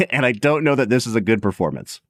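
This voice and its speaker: A man's voice: mid-range voice, very animated, brisk, dry recording, studio quality. A man co-hosting a podcast, chatting casually and animatedly about a film, with lots of filler "like". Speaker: podcast co-host. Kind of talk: casual movie discussion.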